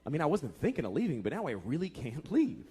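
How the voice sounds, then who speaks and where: Man in his thirties, stand-up comic, exasperated and profane, fairly high voice, noisy live club recording. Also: huge pitch swings, quick pace. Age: 30s. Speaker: stand-up comedian. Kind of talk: stand-up comedy routine.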